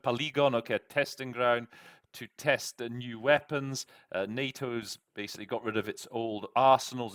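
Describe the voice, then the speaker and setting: Middle aged guy interpreting then explaining himself, lots of pauses and restarts, dry close sound. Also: medium pitch, a bit bright, dry recording. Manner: thinks aloud, hesitant, many restarts. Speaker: conference interpreter and host. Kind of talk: interpreting practice with commentary.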